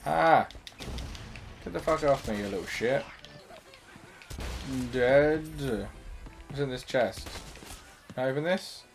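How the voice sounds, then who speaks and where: A man's voice: medium pitch, takes it slowly, gravelly, long pauses. Young guy talking through a game, laid back, swears a bit, faint game music behind. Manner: chatty, swears freely, thinks aloud. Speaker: gaming host. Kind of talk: casual gameplay commentary. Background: game sounds and music.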